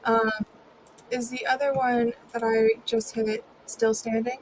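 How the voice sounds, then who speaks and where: A woman playing a tabletop game, reacting quickly and declaring her attacks. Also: a little high, level tone, slight background noise, poor audio. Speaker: player.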